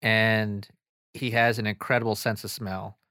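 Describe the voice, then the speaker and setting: A man's voice: on the low side, little pitch movement, unhurried, sharp tone, no room sound, clean studio sound. A man co-hosting a podcast in casual chat, rambling and hedging with fillers. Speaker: podcast co-host.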